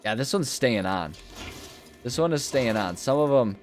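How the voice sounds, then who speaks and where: A young man commenting casually while playing a video game, rambling and easily amused, often breaking into high-pitched laughter. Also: animated, moderate pace, soft background music. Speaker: gaming video host. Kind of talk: casual let's-play commentary.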